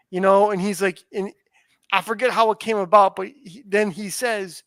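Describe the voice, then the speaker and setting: A man's voice: high-pitched, measured pace, no echo. A man in casual podcast chat, rambling with restarts and casual swearing. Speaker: podcast co-host.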